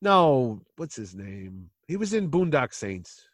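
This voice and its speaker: A man's voice: mid-range voice, slow pace, dry recording. A man hosting a podcast, telling anecdotes in casual chat and acting out the voices of people he met. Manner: animated anecdote teller who acts out voices. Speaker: podcast host.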